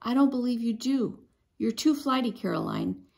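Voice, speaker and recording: A strict father scolding his daughter on the deck of a ship, sharp and raised, with a gravelly crackle in the voice, as a woman reads the part aloud from a storybook. The line comes out louder and higher than the storybook narration around it. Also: animated, normal speed. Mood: stern scolding. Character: stern strict father, sailing captain.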